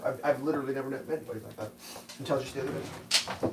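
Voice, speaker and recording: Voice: mid-range voice, quick pace, long pauses, heavy background noise. A person around forty ranting sarcastically and swearing in casual rambling chat while cooking on a livestream. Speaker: livestream host.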